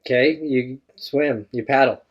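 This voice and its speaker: A man's voice: mid-range voice, measured pace. A male co-host in casual chat, playfully walking a guest through an imagined adventure. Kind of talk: casual chat, narrating a made-up scenario. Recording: dull lo-fi sound.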